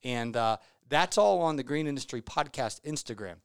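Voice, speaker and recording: A man's voice: medium pitch, expressive, normal speed, gravelly, clean tone, no room sound. A man hosting a podcast in a studio, talking casually and enthusiastically, rambling off on tangents between reading listener reviews and sponsor spots. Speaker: podcast host. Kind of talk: casual podcast talk with ad reads.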